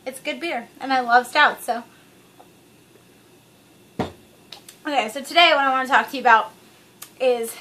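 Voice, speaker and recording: Bright high-voiced chatty woman vlogger. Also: animated, measured pace, pauses often. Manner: chatty, rambling, frank and profane. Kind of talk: casual chat to camera.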